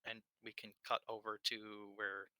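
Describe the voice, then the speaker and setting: Man, tabletop player, wry, suspicious, sharp bright voice, dry sound. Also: lowish voice, little pitch movement, normal speed, no echo. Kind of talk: casual tabletop play.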